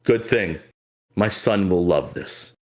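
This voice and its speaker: A man's voice: low voice, slow, a little mellow. A man voicing a gaudy, boastful male pirate captain who bargains brashly. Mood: gloating.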